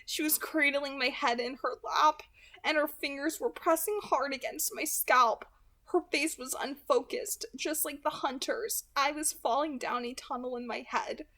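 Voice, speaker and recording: A young woman hosting her channel and reading a novel aloud in steady, earnest narration. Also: high voice, unhurried. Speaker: audiobook reader.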